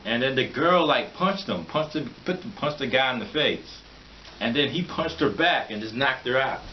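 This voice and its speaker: A man's voice: mid-range voice, lively intonation, normal speed. Man, vlog rant, rambling, mocking, laughs a lot, muffled lo-fi sound. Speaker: vlogger. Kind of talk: opinionated monologue. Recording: dull lo-fi recording with faint hiss.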